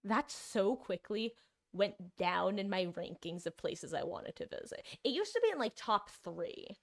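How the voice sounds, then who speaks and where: A woman's voice: medium pitch, animated, unhurried, vocal fry. A young woman from New Jersey, a live streamer chatting casually and rambling to her viewers while she plays a game. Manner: chatty, rambling, greets viewers mid-story.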